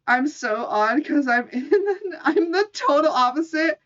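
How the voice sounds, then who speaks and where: High-voiced giggly woman streamer. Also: lively intonation, a little slow, fairly bright tone. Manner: giggly, full of "like" fillers. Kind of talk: casual livestream chat. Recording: distant dull mic with faint music.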